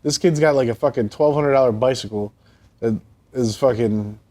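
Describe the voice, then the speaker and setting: A man in casual interview chat, telling stories in a profane, animated way. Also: medium pitch, normal speed. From Buffalo, New York. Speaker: guest. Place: his store.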